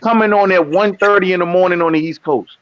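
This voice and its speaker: Laid-back guy calling in, slightly high voice, muffled dry line. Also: fast talker, slight background noise. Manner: laid-back, keeps saying "man". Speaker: guest calling in. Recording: dull, dry call audio.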